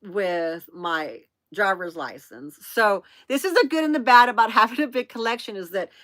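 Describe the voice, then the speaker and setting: A woman's voice: medium pitch, expressive, normal speed, fairly bright tone, no room sound. A woman in her fifties hosting a vlog, telling a rambling story to her viewers in a chatty way, laughing often and calling them "y'all". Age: 50s. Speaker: vlog host.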